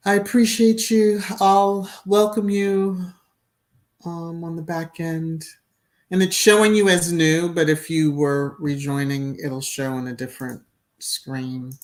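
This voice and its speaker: A woman's voice: on the low side, fairly even intonation, slow pace, a little mellow. Chatty woman hosting a live stream. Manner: chatty, laughs often, bursts into little sung phrases. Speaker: livestream host reading viewer comments. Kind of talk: casual live-stream chat.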